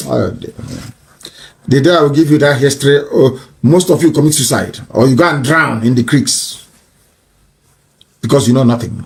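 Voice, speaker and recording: A man delivering an impassioned, mocking political tirade that rises to shouts. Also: mid-range voice, moderate pace, vocal fry, long pauses. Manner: mocking, scornful, rising to shouts.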